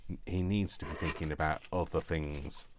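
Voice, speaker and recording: A man's voice: extremely low pitch, fairly even intonation, moderate pace, background noise. A man chatting casually while he crafts at home, rambling with self-deprecating asides. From not from Yorkshire, lives there now. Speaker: crafting vlogger.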